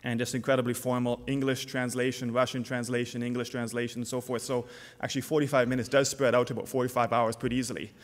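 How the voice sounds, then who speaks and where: A middle-aged man from Canada giving a conference keynote, telling stories casually with many fillers and restarts. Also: medium pitch. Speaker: keynote speaker, company CEO. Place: conference hall. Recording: long hall reverb.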